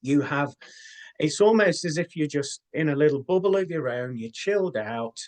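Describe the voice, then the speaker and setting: A man talking as an interview guest and spiritual medium, telling his experiences in an earnest, unhurried way with many fillers. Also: fairly high pitch, lively intonation. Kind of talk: casual interview talk.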